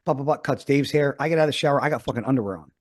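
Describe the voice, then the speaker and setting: A man's voice: medium pitch, racing. A man in his thirties, a podcast host, telling a rambling story in casual chat and swearing often.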